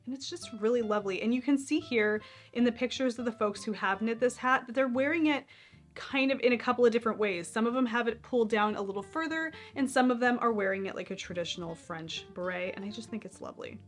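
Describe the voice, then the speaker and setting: A woman's voice: fairly high pitch, fast, soft background music. Chatty woman hosting a knitting podcast. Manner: chatty, enthusiastic, self-deprecating. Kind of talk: casual chat about knitting patterns.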